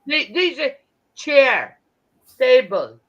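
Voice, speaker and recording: A woman's voice: high-pitched, very animated, highs cut off. A woman with a French Canadian accent, a native French speaker, chatting casually on a live stream with many restarts. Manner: chatty, halting with restarts, talks with her hands. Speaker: host.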